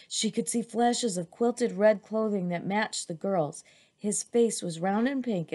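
A woman's voice: lowish voice, a little mellow. A woman reading a children's adventure chapter aloud as narrator, with an occasional restart.

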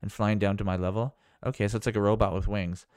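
A man's voice: lowish voice, fairly even intonation, fast talker, a little mellow, smooth, no room sound, studio quality. A man vlogging a casual screen demo, rambling and thinking aloud with amazement. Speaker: tech vlogger.

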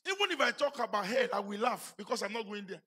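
A man with a Nigerian English accent preaching a sermon in a church, building to shouted emphasis and putting questions to the congregation. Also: high voice, sing-song, quick pace, breathy edge. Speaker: pastor.

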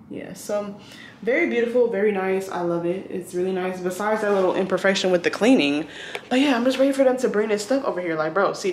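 A woman's voice: medium pitch, darkish tone, roomy sound, a little hiss or hum. A woman filming a casual vlog in a hotel room, rambling and chatty with lots of fillers. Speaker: vlogger.

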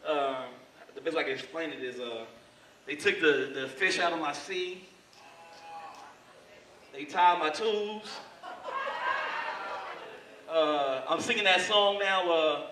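A male stand-up comedian hosting a live club show, telling stories in an animated way. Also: fairly high pitch, takes it slowly, long pauses, background noise. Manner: animated storytelling. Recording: echoey club, distant mic.

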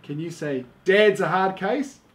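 A young man with a New Zealand accent, casually walking his daughter through a playful repeat-after-me lesson. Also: high voice. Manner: playful, halting, laid-back. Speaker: dad teaching his young daughter slang. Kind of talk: casual instructional video.

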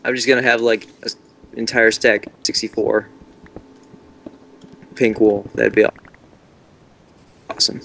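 A man's voice: fairly low pitch, flat delivery, measured pace, gravelly, long pauses, fairly bright tone, a little hiss or hum. A man chatting casually while playing a video game with friends, rambling and joking as he goes. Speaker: game player. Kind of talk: casual gaming chat.

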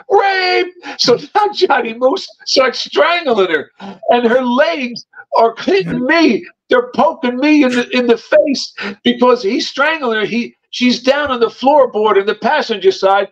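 A man telling animated, tough stories from his past as a guest. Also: very high voice, unhurried. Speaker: guest, former mobster. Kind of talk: storytelling. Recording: dull lo-fi sound.

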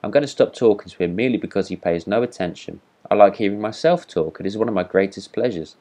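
A boastful, self-important firework rocket looks down on everyone around him, as a man reading a storybook puts him on. The voice sits very low and speaks with haughty disdain. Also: fast, mellow. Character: vain pompous boastful male firework rocket.

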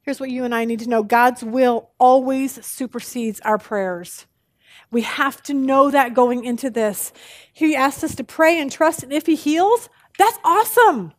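Woman bible study teacher, lively and expressive, high voice, dry sound. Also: a little slow, no room sound. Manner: animated, expressive, tells jokes.

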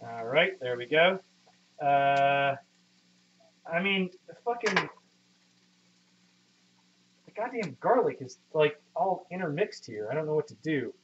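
A man in his thirties live-streams from his home kitchen, his fairly high, expressive, fairly bright voice moving at a measured pace. The muffled lo-fi stream has a little hiss or hum as he chats casually with viewers in a rambling, profane, self-deprecating way.

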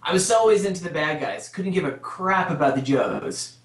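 A man's voice: fairly high pitch, animated, normal speed. A man, a guest cartoonist, chatting casually on a podcast, enthusiastic and laughing often with geeky asides. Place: his home studio by a bookshelf. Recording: roomy echoey sound.

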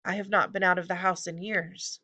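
A woman's voice: on the low side, little pitch movement, fairly quick, pushed and bright. A woman reading as a timid little brownie. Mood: fearful. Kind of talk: audiobook reading.

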